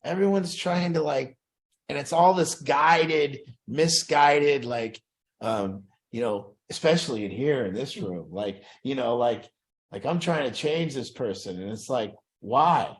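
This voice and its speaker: At a measured pace and ordinary middle pitch, an earnest man reflects aloud in an addiction recovery group session with a small group in a room. He drifts into voicing the inner voices he describes.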